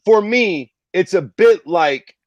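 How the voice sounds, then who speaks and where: Brash, high-voiced man co-hosting. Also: expressive, takes it slowly, no room sound, dull audio. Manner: brash, profane, contrarian. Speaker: podcast co-host. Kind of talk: casual podcast chat.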